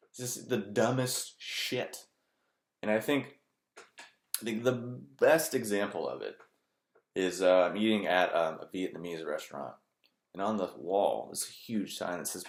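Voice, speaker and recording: Deep-voiced man, blunt and profane. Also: lively intonation, unhurried. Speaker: vlogger. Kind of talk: candid personal monologue. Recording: roomy echo.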